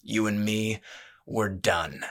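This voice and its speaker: A blunt, growling prize fighter, voiced by a male narrator, proud and unwilling to back down. His voice sits low and rough. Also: takes it slowly, a bit bright. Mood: defiant. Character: gruff male brawler, proud and defiant.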